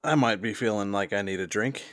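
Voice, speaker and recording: A man's voice: on the low side, fairly quick, fairly bright tone, no echo, studio quality. A man playing a cowboy character in a tabletop western game, casual and drawling. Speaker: player.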